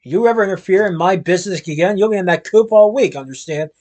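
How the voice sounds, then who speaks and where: A man's voice: high voice, fast talker, darkish tone, natural voice. A man voicing a cruel, scheming laundress woman with a threatening manner in a storybook reading. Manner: sugary then threatening.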